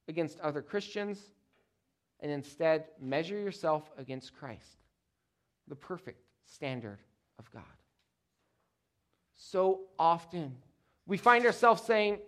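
A male pastor delivering a sermon with a somewhat high voice. He preaches emphatically, pausing for effect and repeating key phrases. He swings between loud, stressed words and quiet, low-pitched endings. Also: lively intonation.

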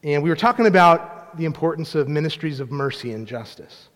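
A man's voice: fairly high pitch, expressive, fairly quick, long reverb tail. A man preaching a sermon as a pastor, in a conversational style with family stories and frequent restarts.

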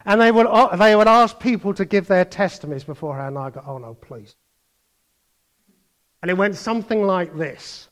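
An older preacher gives a lively sermon that shifts between loud bursts and soft asides, complete with imitations of others. He has a high voice and speaks a little fast.

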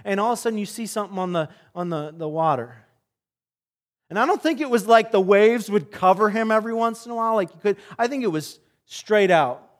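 High-voiced pastor, animated sermon. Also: male voice, a little fast. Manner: animated storytelling, swings between loud and soft.

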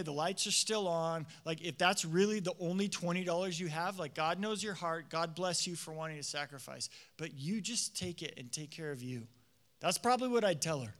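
A male pastor preaching a sermon in an animated, conversational way, acting out the voices he quotes. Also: high-pitched. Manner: animated, acts out quoted voices, many fillers.

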